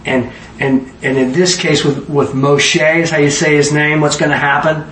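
A preacher leads a conversational Bible study sermon, frequently putting questions to the audience. His voice sits on the high side at a moderate pace, picked up by a distant mic in an echoey room with faint background noise.

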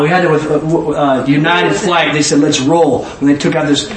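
A middle-aged man giving informal Bible teaching, swinging from low musing to high emotional exclamations. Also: moderate pace, few pauses, a crowd in the background. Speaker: preacher. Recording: echoey room, mic at a distance, faint ambient noise.

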